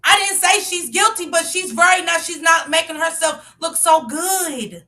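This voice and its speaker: A woman's voice: extremely high pitch, normal speed, pushed and bright, far from the mic. A woman giving passionate live-stream commentary, firing off rhetorical questions and sometimes raising her voice. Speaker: livestream commentator.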